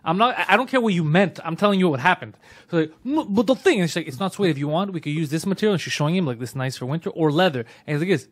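A man co-hosting a podcast, telling a story in casual chat, often imitating people loudly and laughing. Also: racing. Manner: animated, mimics others with loud high voice, laughs often. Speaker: podcast co-host.

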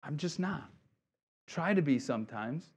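A man's voice: on the high side, animated, unhurried, husky. A middle-aged man, preaching a sermon as pastor in a casual, joking way with asides. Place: church sanctuary.

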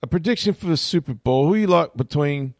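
A man's voice: fairly high pitch, lively intonation, fairly quick, dry recording, clean studio sound, voice pushed up. A man imitating a chatty Australian morning show host with an Australian accent, who keeps calling people mate. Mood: breezy. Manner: breezy, calls everyone mate.

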